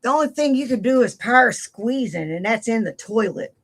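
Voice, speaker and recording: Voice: mid-range voice, expressive, fairly quick, fairly bright tone. A stream host giving mocking, crude live commentary on a clip. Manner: sneering, crude. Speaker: stream host reacting to clips.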